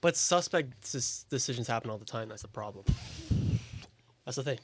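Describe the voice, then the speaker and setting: A man's voice: mid-range voice, animated, normal speed, breathy edge. A young man in his twenties co-hosting a football podcast, recounting news in a casual storytelling way and swearing freely. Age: 20s. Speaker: podcast co-host.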